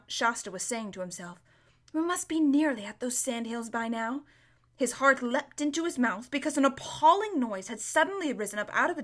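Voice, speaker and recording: A woman narrates a storybook, her voice sitting a little high. She reads steadily and in a measured way, now and then tripping over a word and correcting herself. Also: a bit bright. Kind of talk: storybook reading aloud.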